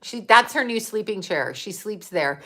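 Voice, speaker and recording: A woman's voice: medium pitch, expressive, normal speed, fairly bright tone. A middle-aged woman, a psychic medium, talking off the cuff to her viewers in a blunt, emphatic way, swearing freely. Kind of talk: casual livestream monologue.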